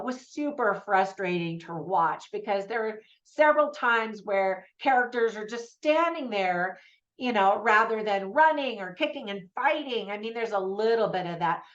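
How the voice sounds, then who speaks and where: A woman's voice: medium pitch, fairly bright tone, muffled recording. An American woman giving a casual, chatty spoken movie review, talking to the viewer with lots of asides. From United States. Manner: chatty and conversational, with frequent fillers and asides.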